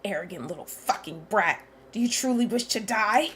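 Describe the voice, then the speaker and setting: A woman's voice: mid-range voice, animated, normal speed, a bit bright, slight background noise, close to an everyday voice. Villain: haughty, dismissive male mastermind, read by a woman. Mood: contemptuous. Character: cold, condescending male schemer.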